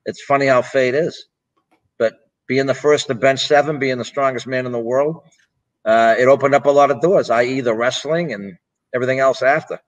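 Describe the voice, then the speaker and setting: A man's voice: medium pitch, fairly even intonation, normal speed, muffled recording. Male guest in his 60s, ex-strongman, blunt and profane, rambling storyteller. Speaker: interview guest, former strongman and pro wrestler. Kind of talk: casual storytelling interview.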